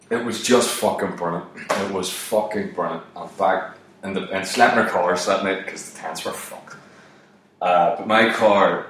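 A man in his thirties with a fairly low voice tells a profane comic story, swearing through almost every line. He jumps his voice up when he quotes shouts. He sounds set back from the microphone in a strongly echoing room. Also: a little hiss or hum. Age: 30s. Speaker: comedian. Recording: very echoey room, mic at a distance.

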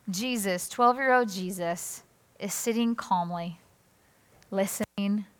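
A woman pastor giving a conversational sermon in an animated, chatty way, acting out quotes. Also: mid-range voice. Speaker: executive pastor. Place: church auditorium. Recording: reverberant church hall.

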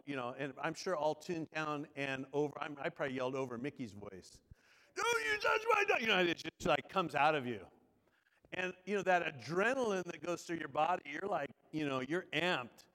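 A middle-aged male pastor preaches conversationally, telling stories and asking the congregation questions. His voice is fairly high and bright, and the recording carries long hall reverb.

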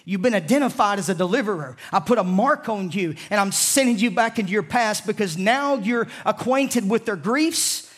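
A man from the American South with a Southern accent, preaching an impassioned sermon as pastor to a congregation, swinging from loud declarations to hushed lines. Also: sits high, animated, normal speed, few pauses. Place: church sanctuary with a congregation.

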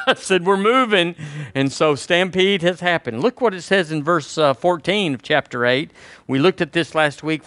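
A man's voice: on the high side, bright, forceful tone, dry recording. An older man, preaching a sermon to his congregation in a folksy, conversational way. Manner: folksy, conversational preaching with y'all and homespun examples. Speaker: pastor.

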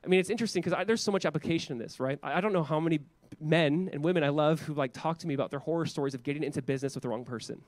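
Animated, chatty male pastor preaching. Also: a little high, racing, dry recording. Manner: conversational, animated, lots of casual asides. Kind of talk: sermon.

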